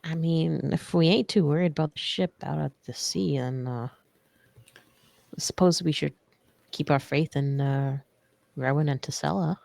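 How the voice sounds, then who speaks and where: Low, gravelly folksy woman. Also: steady tone, normal speed, a little mellow, no room sound. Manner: folksy drawl with "ain't" and "y'all". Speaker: player. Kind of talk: playing a tabletop character.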